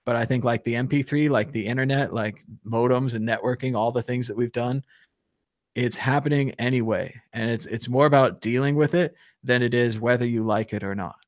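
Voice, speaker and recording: A man's voice: medium pitch, fairly quick, no room sound, studio quality. Opinionated man hosting a call-in show. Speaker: talk show host. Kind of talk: casual live call-in discussion.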